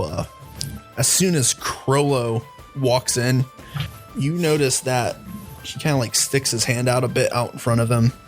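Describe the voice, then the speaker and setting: Man, dungeon master, casual tabletop narration, gravelly, mid-pitched. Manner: casual, loose, many fillers.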